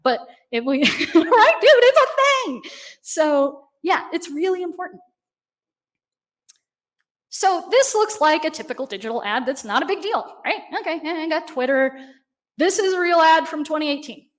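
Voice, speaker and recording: A woman giving a conversational, animated conference talk, often checking in with the audience. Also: high voice, moderate pace. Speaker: conference speaker. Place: conference stage.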